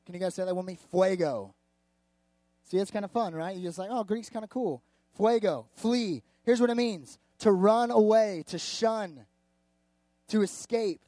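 A man in his thirties, a youth pastor, preaching a casual, energetic sermon and acting out little quotes. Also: high voice, dry recording.

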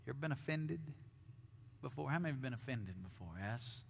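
Male pastor, mid-pitched, dynamic sermon delivery with long sanctuary reverb. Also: lively intonation, brisk, vocal fry, slightly rough. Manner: dynamic preaching, drops to hushed tones then swells loud. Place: church sanctuary.

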